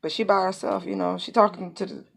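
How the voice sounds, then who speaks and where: A woman's voice: medium pitch, little pitch movement, quick pace, vocal fry, husky. A woman giving a casual tarot reading, rambling with many asides and fillers. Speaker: tarot reader.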